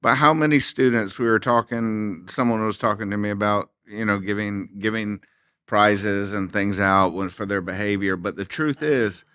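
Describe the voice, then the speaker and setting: A man's voice: lowish voice, normal speed, bright, forceful tone, smooth. A man hosting a podcast interview, listening closely and adding frequent short affirmations. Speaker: podcast host.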